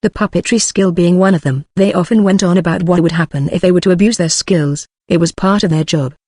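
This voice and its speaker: A man narrating a fantasy light novel audiobook in a steady reading voice. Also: high voice, a little fast, no echo, clean studio sound. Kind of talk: scripted narration.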